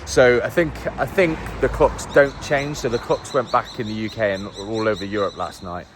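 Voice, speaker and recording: Chatty guy, low voice. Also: moderate pace, over music. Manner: chatty, animated storyteller. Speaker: triathlete vlogger. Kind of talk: casual storytelling to camera.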